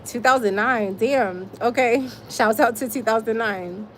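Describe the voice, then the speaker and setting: A chatty woman in her forties from Springfield, Massachusetts, in the US, hosts a casual livestream, reading viewer comments and names aloud and laughing often. Her voice is a little high and fairly bright, with a measured pace and slight background noise.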